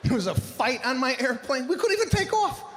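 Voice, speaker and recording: A man doing stand-up on stage, with a loud, exaggerated, shouting delivery. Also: extremely high pitch, very animated, fairly quick. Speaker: stand-up comedian. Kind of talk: stand-up routine. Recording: echoey hall with background noise.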